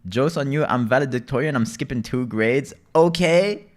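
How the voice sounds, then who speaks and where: On a laid-back livestream, a young man spins stories full of profanity and sudden loud outbursts, pausing to read chat messages. He has a mid-range voice and talks at a moderate pace.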